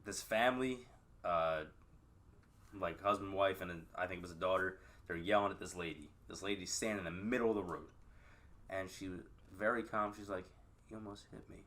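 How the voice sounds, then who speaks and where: A man's voice: sits low, fairly quick, fairly bright tone. A man co-hosting a casual podcast, telling a blunt anecdote full of swearing. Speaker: podcast co-host. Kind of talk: casual chat.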